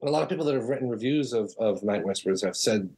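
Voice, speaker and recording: A man guest on a podcast, chatting casually and telling animated stories about directing audio dramas. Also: on the low side, fast, breathy edge. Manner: animated storyteller, mimics people in quotes. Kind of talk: casual interview chat.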